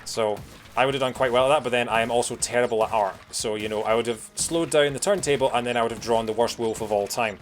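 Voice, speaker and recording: A man's voice: medium pitch, fast talker, faint music behind. Chatty man streaming a game. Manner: chatty, rambling with many fillers. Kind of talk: casual live-stream commentary.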